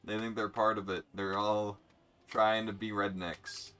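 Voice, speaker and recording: A man's voice: lowish voice, little pitch movement, measured pace, a bit bright, clear, resonant tone. A young man live-streaming a racing game, chatting bluntly and sarcastically with viewers and swearing freely. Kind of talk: casual live-stream chat while gaming.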